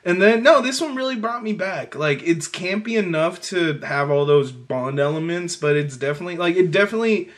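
A man's voice: high voice, lively intonation, brisk, few pauses, fairly bright tone. A man in casual movie review chat, jokey and profane, often bursting into laughter.

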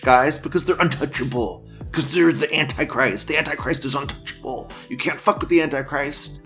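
A man's voice: mid-range voice, very animated, unhurried, a bit bright, soft background music. A man giving casual, crude and profane commentary as he reads out forum posts, laid-back and chuckling. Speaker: streamer reading forum posts.

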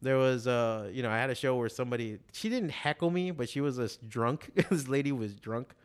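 A man's voice: mid-range voice, fairly quick, clean tone. A man in his forties chatting casually, telling rambling, profane stories with lots of fillers. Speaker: stand-up comedian and podcast guest. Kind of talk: casual chat.

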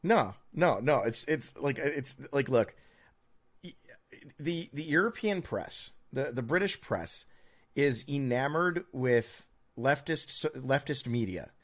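An American man co-hosts a casual podcast at a mid-range pitch. He rambles and restarts his sentences, dropping dry, sardonic jabs along the way. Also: big pitch swings, takes it slowly. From United States. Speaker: podcast co-host. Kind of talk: casual opinionated chat.

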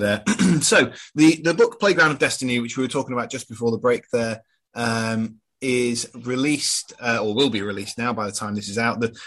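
A British man presenting a radio show and chatting casually with his guest, relaxed and full of fillers. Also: mid-range voice.

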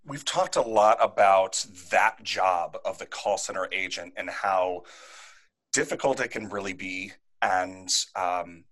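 A man hosting an interview, asking his guest thoughtful, measured questions. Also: sits low, fairly bright tone, low-quality recording. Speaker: podcast host. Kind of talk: interview host.

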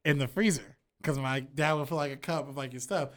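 A man chatting casually on a drinking podcast, laughing often and jumping into high squeaky voices when he quotes people. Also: a little fast, fairly bright tone. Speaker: podcast co-host.

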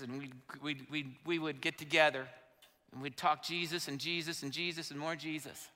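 A man's voice: fairly high pitch, sharp tone, smooth. A man in his fifties, a pastor telling an emotional personal story in a sermon. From Indiana, USA. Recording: long hall reverb.

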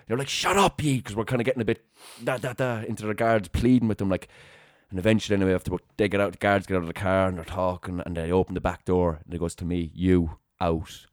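A young man, hosting a podcast and telling an animated story in casual chat. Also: low-pitched, rapid-fire, hardly any pauses, dry recording, clean studio sound. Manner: animated anecdote-telling with acted-out quotes and laughter. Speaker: podcast host.

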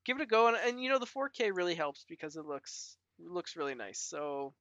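A chatty man co-hosting a podcast, his voice bright and forward. He leans hard on "like" fillers and laughs easily. The sound is dry and a little dull, as from a modest home mic. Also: high-pitched, big pitch swings, a little fast, dry recording. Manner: chatty, heavy use of "like" fillers, laughs often. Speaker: podcast co-host. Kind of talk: casual chat.

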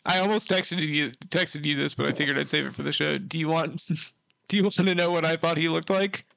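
A man's voice: a little high, steady tone, a little fast, creaky, sharp tone, no echo. A male podcast co-host in casual chat, blunt and opinionated, saying 'like' often as he recaps a reality show.

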